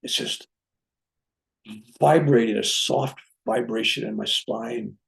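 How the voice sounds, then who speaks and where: A reverend telling a personal spiritual story, acting out what people said along the way. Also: male voice, mid-range voice, takes it slowly, vocal fry. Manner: animated, acts out dialogue in his own voice. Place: room at home with a bookcase.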